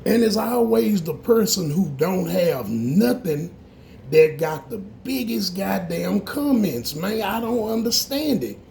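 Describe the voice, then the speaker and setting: A man runs an auto shop and speaks his mind straight to camera. His voice sits a little high and has a gravelly edge. He is blunt, curses freely and preaches as he gets heated. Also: big pitch swings, slow, mellow, slight background noise. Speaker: auto shop owner and mechanic. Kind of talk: morning talk to camera.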